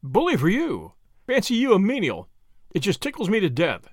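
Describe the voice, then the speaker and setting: A man's voice: high-pitched, wildly swooping pitch, normal speed, no echo, studio quality, pitched above the performer's own voice, exaggerated voice. A man voicing a brash, generous young American with an American accent and breezy, confident slang.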